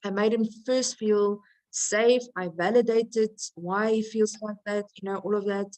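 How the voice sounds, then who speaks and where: A woman's voice: mid-range voice, fairly even intonation, unhurried, a little mellow. Chatty woman teaching with rhetorical questions. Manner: conversational, laughs often, asks rhetorical questions and checks with "okay?". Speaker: Christian women's teacher. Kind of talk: teaching a recorded lesson.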